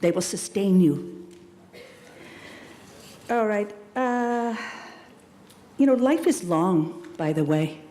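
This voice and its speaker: A middle-aged woman delivers a commencement speech from a podium. Her voice sits at an ordinary pitch, and her delivery is animated and emphatic, full of affectionate asides to the graduates. The sound rings through a large, echoey hall with a long reverb tail. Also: takes it slowly, long pauses, a little hiss or hum. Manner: warm, emphatic, addresses graduates as "loves" and "darlings". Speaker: commencement speaker. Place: large hall at a school ceremony.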